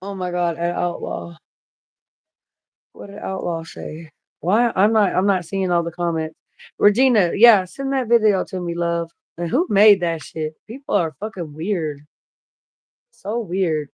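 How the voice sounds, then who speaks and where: A woman's voice: on the low side, measured pace, a little mellow, dry recording. A middle-aged woman hosting a casual livestream, reading comments aloud and talking bluntly with lots of swearing. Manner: blunt, swears freely, chatty. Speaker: livestream host reading chat.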